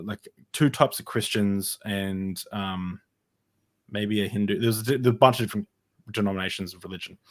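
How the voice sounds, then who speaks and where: Rambling man telling his story, low voice. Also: darkish tone. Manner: rambling, halting, with many fillers and restarts. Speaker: podcast guest. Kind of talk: casual personal storytelling in an interview.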